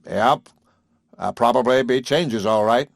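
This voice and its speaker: A man's voice: medium pitch, normal speed, no echo, clean studio sound, close to an everyday voice. A man reading an audiobook, voicing an easygoing, practical small-town husband who talks in a folksy, casual way.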